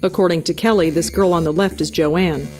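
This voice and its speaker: A woman's voice: on the low side, steady tone, a little fast, darkish tone, close to an everyday voice. An actress voicing an inquisitive young female investigator who asks pointed questions. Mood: questioning. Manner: questioning, probing. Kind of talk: video game voice acting. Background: game music.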